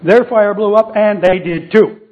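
Man, sermon, storytelling, high voice, tinny phone-like sound. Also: unhurried, darkish tone. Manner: storytelling, acts out voices, jokes with the audience. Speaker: preacher.

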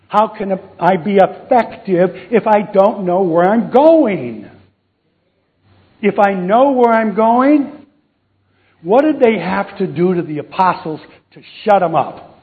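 A man preaching a sermon, joking and quizzing the congregation with questions. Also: high voice. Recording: tinny phone-like recording.

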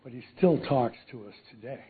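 A man's voice: mid-range voice, expressive, moderate pace. A man preaching a casual sermon, telling a Bible story, acting out the voices and joking with the audience. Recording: tinny phone-like sound.

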